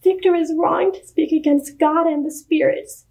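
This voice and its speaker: A woman voicing a frightened young village girl who pleads in a high, strained voice, in a church storybook reading. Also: steady tone, normal speed, creaky, a little mellow.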